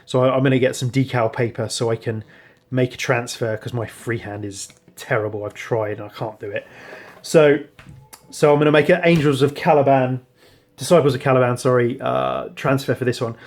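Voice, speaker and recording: A man talks through his hobby work in a relaxed, rambling way, stopping often to correct himself. His voice sits at an ordinary middle pitch. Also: moderate pace. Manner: relaxed, rambling, frequent ums and self-corrections. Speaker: hobbyist showing painted miniatures. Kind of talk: casual show-and-tell narration.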